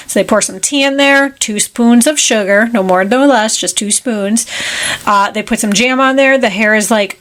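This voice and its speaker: Recapping a movie on her podcast, this co-host speaks at a moderate pace with a medium pitch and a fairly bright tone. She keeps it casual and slips into playful voices when quoting characters.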